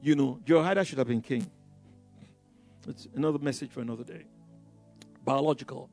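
A man's voice: mid-range voice, fairly quick, darkish tone, no room sound, faint music behind. A man preaching a sermon, rallying his congregation with bursts of emphasis and stumbling through many fillers and restarts.

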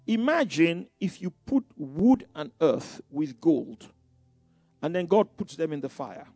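A man's voice: fairly high pitch, expressive, a little slow, a little mellow, no echo. A middle-aged man preaching a sermon in a conversational way, with many asides and repeated phrases.

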